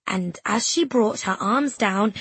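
A woman narrating a story in a gentle, measured storytelling manner, reading as an audiobook. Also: medium pitch, husky, no echo.

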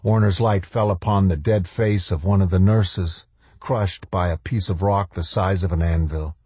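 A man narrating a novel in an audiobook with measured, even storytelling. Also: low voice, breathy edge, dry recording.

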